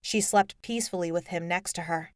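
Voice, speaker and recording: An audiobook narrator, a woman with a fairly low voice, reads a young adult novel in measured, storytelling fashion. The scripted narration is recorded dry, with clean studio sound.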